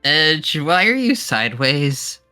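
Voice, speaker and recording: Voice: medium pitch, very animated, takes it slowly, pushed and bright, smooth, soft background music. A tabletop role-play player asking questions in character.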